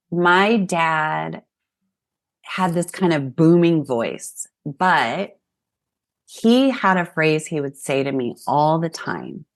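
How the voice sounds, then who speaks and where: Woman guest, 40s-50s, low gravelly voice, slow and reflective. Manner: reflective, warm storytelling. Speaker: guest therapist. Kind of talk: podcast interview conversation.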